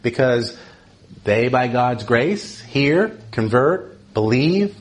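Animated man teaching the Bible. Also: very slow. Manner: animated, often asks "right?", rises in pitch for emphasis.

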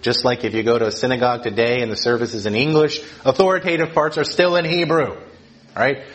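A man's voice: mid-range voice, fairly even intonation, quick pace, poor audio. A man giving an informal teaching talk, explaining in a conversational way and often checking in with his listeners. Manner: conversational, keeps checking in with "right?".

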